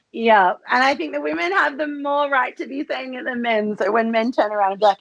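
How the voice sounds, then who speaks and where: A woman's voice: on the high side, animated, normal speed, gravelly, long pauses, no room sound. An Australian woman chatting casually as an interview guest, giggling often and swearing freely. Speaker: guest, cam model.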